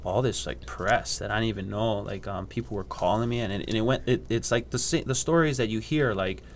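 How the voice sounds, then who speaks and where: His voice is fairly low, a little fast and creaky, and a bit of hiss or hum sits under it. This young man from Hawaii, a surfer and scientist guesting on a podcast, tells surf stories casually, imitating others' voices and laughing often.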